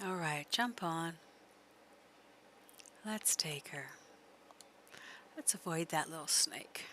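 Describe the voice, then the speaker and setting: Woman streaming a game, talks slow, chatty, keeps laughing and cheering on her horse. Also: sits low, lively intonation, pushed and bright, slight background noise. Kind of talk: live gameplay commentary.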